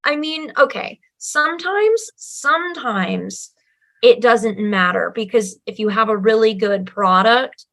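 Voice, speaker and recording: A woman's voice: medium pitch, normal speed, few pauses, a bit bright. A woman who is a writer and a guest on an interview podcast, explaining her points earnestly and with emphasis. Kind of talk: casual interview chat.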